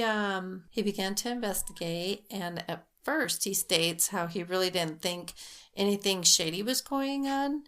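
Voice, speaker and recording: A woman's voice: lowish voice, a bit bright. A woman co-hosting a podcast, telling a true-crime story casually, full of "like" and "um" and acting out quotes. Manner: chatty, full of "like" and "um", acts out quotes. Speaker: podcast co-host.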